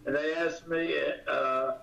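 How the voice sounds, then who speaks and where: An older man, a comedian guest in an interview, talking in a halting way with many pauses and fillers, recorded from a distance. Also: fairly high pitch, steady tone, vocal fry, fairly bright tone. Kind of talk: casual interview. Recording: distant, echoey, dull audio.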